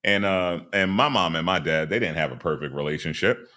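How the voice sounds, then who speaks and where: A man's voice: low voice, brisk, sharp tone. A middle-aged man hosting a casual commentary podcast, speaking emphatically in a preachy way and acting out other people in a raised voice. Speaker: podcast host.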